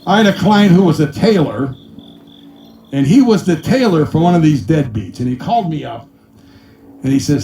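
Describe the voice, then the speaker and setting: A middle-aged man tells a string of accountant jokes to a small live crowd, his pitch sitting a touch high and swooping far up and down as he mimics his clients. He is heard from a little way off in an echoey room. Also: sing-song, fairly quick, warm tone, a little hiss or hum. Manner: punchy, sells punchlines with 'ba-boom', acts out clients in high voices. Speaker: comedian and musician telling accountant jokes. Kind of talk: stand-up joke telling. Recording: echoey room, mic at a distance.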